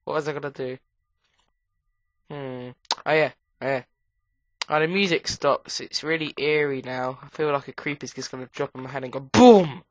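A woman with a cold gives rambling casual commentary while playing a game, breaking into sudden high squeals. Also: steady tone, normal speed, fairly bright tone, no echo. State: has a cold. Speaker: gamer. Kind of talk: casual let's play commentary. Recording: dull lo-fi recording.

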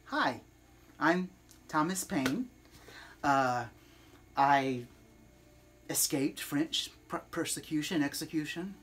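A woman's voice: low voice, animated, slow pace, pauses often, fairly bright tone, a little hiss or hum, full character voice. A woman playing an eager male pamphleteer who talks hesitantly and stumbles over his words.

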